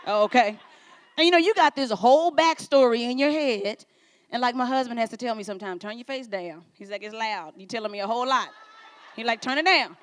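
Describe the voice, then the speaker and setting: A woman pastor preaching at a conference, playful and animated, acting out little quoted exchanges. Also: a little high. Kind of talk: sermon. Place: conference stage.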